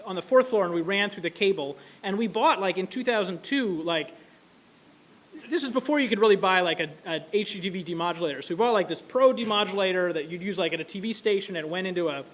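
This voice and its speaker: A man telling a casual, animated story to an audience, full of fillers and asides. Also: high voice. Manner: quick, animated, many fillers. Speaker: speaker at an anniversary event.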